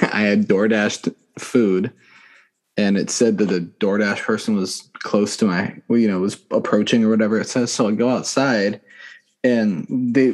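A man with a lowish voice chats on a podcast in an easygoing way. He teases his co-hosts and tells stories in a relaxed manner. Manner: laid-back, teasing. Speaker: podcast co-host. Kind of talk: casual chat.

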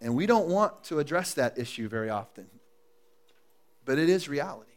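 Guy preaching a sermon in church, kinda high voice, goes soft then big and loud, coaxing the crowd. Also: big pitch swings, normal speed. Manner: swings from hushed and intimate to loud and emphatic, coaxing the congregation. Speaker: pastor. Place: church service before a congregation. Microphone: live sermon recording.

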